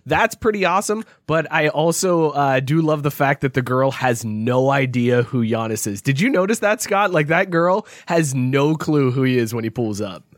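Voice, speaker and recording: A man's voice: medium pitch, animated, moderate pace, hardly any pauses, no echo, studio quality. A man co-hosting a podcast, teasing his friends and laughing easily. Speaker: podcast co-host. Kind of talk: casual podcast chat.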